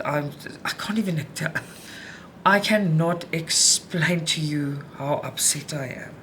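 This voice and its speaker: A middle-aged woman vlogging about cross-stitch at home, upset and frustrated, venting in a halting way with many restarts. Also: deep voice, fairly bright tone, a little hiss or hum. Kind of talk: casual chat while stitching.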